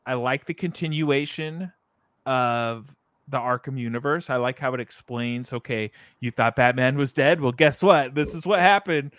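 A man's voice: mid-range voice, fairly bright tone, dry recording, studio quality. A man co-hosting a podcast, chatting casually about video games, rambling with many fillers and self-corrections. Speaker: podcast co-host. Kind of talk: casual video game discussion.

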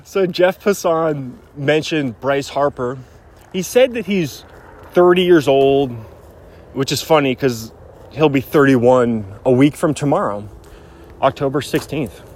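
A man's voice: mid-range voice, unhurried, a little mellow. A man hosting a casual solo sports podcast. He is goofy and jokey, and now and then slips into a mock British voice. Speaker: podcast host.

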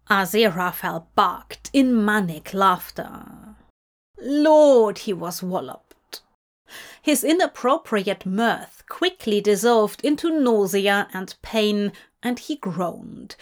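A woman narrating a fan story as an audiobook in slow, measured reading. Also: medium pitch. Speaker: fanfiction reader.

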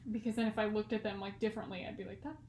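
A woman's voice: medium pitch, flat delivery, very fast, darkish tone. Chatty young woman in an echoey room. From California. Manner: chatty and rambling, many "like" fillers, laughs often. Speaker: podcast co-host. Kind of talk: casual chat.

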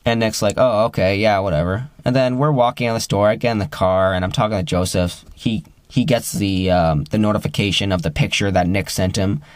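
A man's voice: fairly quick, few pauses, no room sound. Rambling young man telling a story. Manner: rambling, with many fillers and restarts; acts out quoted friends with rising pitch. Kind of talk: casual personal storytelling.

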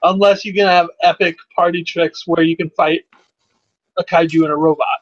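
High-voiced man cracking jokes, dull sound. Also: moderate pace. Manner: joking interjections, excitable. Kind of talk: casual chat.

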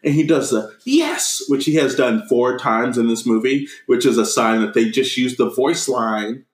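A man's voice: mid-range voice, fairly even intonation, moderate pace, reverberant, low-quality recording. A man co-hosting a podcast, recapping a movie scene by scene, swearing freely and acting out the characters' lines. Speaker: podcast co-host. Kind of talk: casual movie recap chat.

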